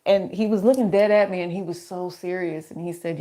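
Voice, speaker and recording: Chatty middle-aged woman reading tarot, loose and rambling, quick to laugh. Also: on the low side, fairly even intonation, a little mellow. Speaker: tarot reader. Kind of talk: casual tarot reading chat.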